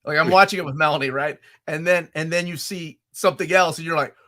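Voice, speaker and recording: A man in his forties hosting a casual podcast chat, excitable and acting out his own reactions as he talks. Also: a little high, fast talker. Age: 40s. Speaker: podcast host.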